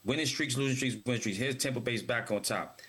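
Guy on a sports talk show, bright husky voice, keeps repeating himself when he gets going. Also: mid-range voice, quick pace. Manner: emphatic, repeats words when starting thoughts.

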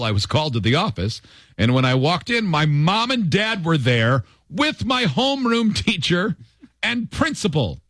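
A man's voice: fairly high pitch, no room sound. A man in his twenties hosting a talk radio show in a studio, telling stories with self-mocking humor. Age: 20s. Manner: animated storyteller, self-mocking. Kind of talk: lively talk radio chat, reading listener stories.

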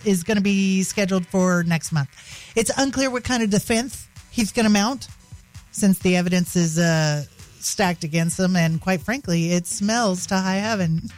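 A woman's voice: medium pitch, moderate pace, faint music behind. A woman hosting a radio show, telling a story in a playful, mocking way and laughing at her own jokes. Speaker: radio host. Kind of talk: casual radio chat.

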